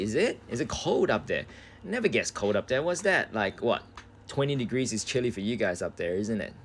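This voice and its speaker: A man's voice: deep voice, slight background noise. An Australian man chatting casually on a live game stream from home, laid-back and swearing freely. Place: indoors at home.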